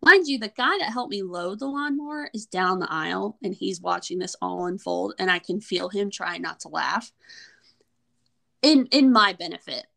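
A young woman co-hosting a podcast, telling a story in an animated, exasperated way. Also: medium pitch, normal speed, gravelly. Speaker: podcast co-host. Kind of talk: storytelling in casual chat.

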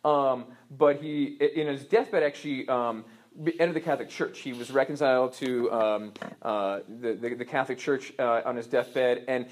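A man's voice: medium pitch, normal speed. A man teaching a parish class in a casual, rambling way, full of fillers and restarts.

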